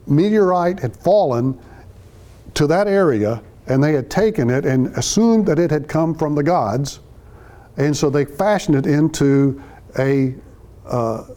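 Mellow-voiced man teaching scripture. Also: a little high. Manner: conversational, explains each phrase, acts out quotes. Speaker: Bible teacher. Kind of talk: verse-by-verse sermon.

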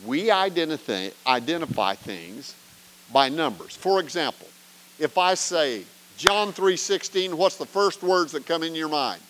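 A man's voice: on the high side, lively intonation, a little slow, a bit bright, slight background noise, low-quality recording. A man teaching an evening Bible study as a pastor, earnest and emphatic, often asking rhetorical questions.

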